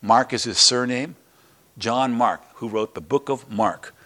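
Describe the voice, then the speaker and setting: In a measured, mid-range voice, an older pastor preaches, telling a Bible story alongside a personal anecdote. His delivery is lively as he acts out each scene with quoted voices and chuckles.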